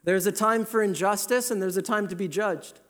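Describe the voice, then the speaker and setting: Male preacher, high pitch, earnest and emphatic sermon delivery. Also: fairly bright tone. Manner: earnest, emphatic, slows down to stress key words.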